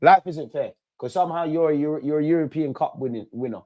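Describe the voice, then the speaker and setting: Young bloke on a match watchalong, loud banter, shouting at the ref, kinda high voice. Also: male voice, fast, lo-fi sound. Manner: animated, shouts at players and referee; slangy banter. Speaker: football watch-along host. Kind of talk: live match watch-along commentary.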